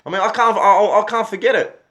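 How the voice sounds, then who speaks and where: A man's voice: high voice, fairly even intonation, fast talker, sharp tone. Agitated, swearing Australian man. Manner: agitated, heavy swearing, rhetorical questions. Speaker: vlogger telling his story. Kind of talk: angry personal storytelling.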